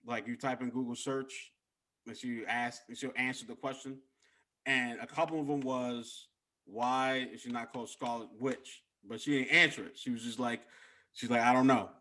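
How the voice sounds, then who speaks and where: A laid-back man co-hosting a casual podcast, with a voice of ordinary male pitch. He talks loosely, trails off and hunts for his words as he goes. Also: normal speed. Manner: relaxed, loses his train of thought, trails off softly. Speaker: podcast co-host. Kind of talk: casual chat.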